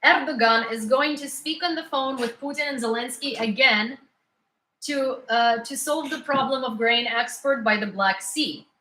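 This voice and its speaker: A woman gives a casual news rundown in a slightly high voice, blunt and sarcastic, breaking into laughter. The room around her is noticeably echoey. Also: normal speed, sharp tone. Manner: opinionated, sarcastic, laughs often. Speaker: news summary host. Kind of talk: casual live news commentary.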